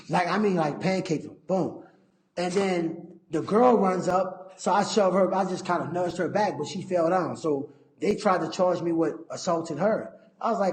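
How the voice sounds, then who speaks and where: A man, a fighter and interview guest, telling stories casually, profane and animated, acting out his own past lines. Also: high voice, brisk. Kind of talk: casual storytelling. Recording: echoey room.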